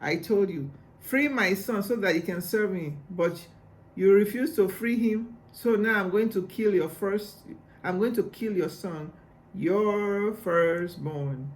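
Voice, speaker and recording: A man's voice: sits high, slow pace. God as an emphatic commanding man, read by a preacher. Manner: emphatic, rhetorical questions. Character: God, commanding and patient divine male voice. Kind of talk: Bible reading aloud.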